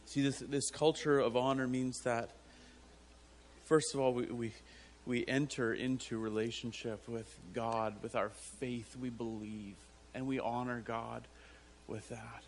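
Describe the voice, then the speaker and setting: A man preaching a sermon to his church, halting and repeating words as he tells a story, often breaking into laughter. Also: mid-range voice, level tone, slight background noise. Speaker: pastor.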